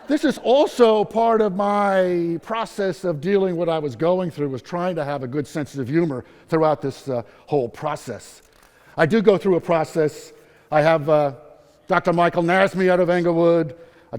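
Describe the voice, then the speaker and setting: Upbeat guy in his 60s telling his story at a conference, kinda high voice, big hall echo. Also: a little mellow. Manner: upbeat, humorous storyteller, acts out quotes. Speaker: patient speaker at a nursing conference. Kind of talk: personal story talk to a live audience. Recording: long hall reverb.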